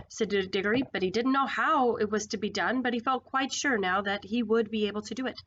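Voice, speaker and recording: A woman's voice: a little high, dull audio. A woman casually reading a children's story aloud, stumbling over words and making side remarks. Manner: informal, with slips, restarts and asides. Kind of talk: casual read-aloud narration.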